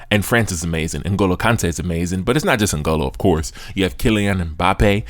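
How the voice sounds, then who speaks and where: In studio quality with no room sound, a young adult American podcast host talks sports in a deep, expressive, a bit bright voice, fairly quick. He's casual and animated, using slang and laughing often.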